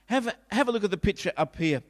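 High-voiced preaching man in a reverberant hall. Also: expressive, fast. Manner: emphatic, repetitive preaching with acted quotes. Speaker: pastor. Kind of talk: sermon. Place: church.

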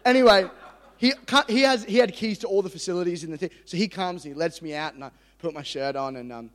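Animated young Australian preacher in a ringing hall. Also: male voice, sits high, fast talker. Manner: animated, self-deprecating storytelling with many restarts. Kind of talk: sermon with personal story. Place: church hall. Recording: reverberant hall.

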